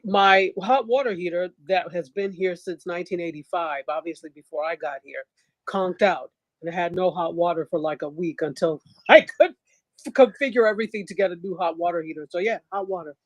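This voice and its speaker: Matter-of-fact high-voiced man. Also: fairly quick, dry recording, low-quality recording. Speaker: guest. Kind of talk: casual group chat.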